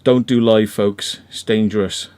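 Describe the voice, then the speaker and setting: A man's voice: fairly low pitch, steady tone, a little slow, darkish tone, smooth. Chatty Welsh man hosting a live stream. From Wales. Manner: chatty, rambling, many fillers and restarts. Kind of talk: casual live-stream chat.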